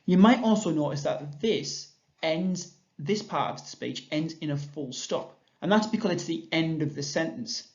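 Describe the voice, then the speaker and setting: A man with an English accent, a primary school teacher giving a recorded grammar lesson, explaining patiently and clearly. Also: fairly high pitch, normal speed. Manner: clear, patient explanation, reading examples aloud with lifted voice. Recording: dull lo-fi sound.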